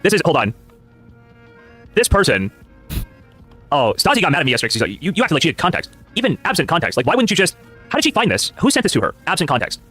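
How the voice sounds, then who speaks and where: A man's voice: a little high, huge pitch swings, quick pace, pauses often, bright, forceful tone, breathy edge, faint music behind. A man on a live stream ranting in exasperation, piling on complaints. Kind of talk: casual live-stream banter.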